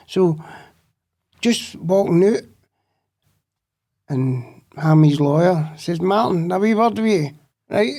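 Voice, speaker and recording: A Scottish man with a gravelly, rough-edged voice tells a long, meandering story. His tone sits dark and low in warmth, and he swears freely as he goes. He talks like a guest in relaxed conversation. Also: slow pace, pauses often. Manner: swears freely, rambling anecdotes. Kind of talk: casual storytelling.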